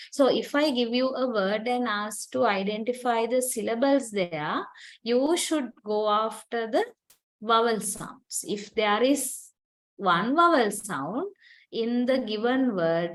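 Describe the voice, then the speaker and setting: A woman's voice: fairly high pitch, low-quality recording. A woman giving a university lecture, explaining patiently, quizzing students and using many fillers.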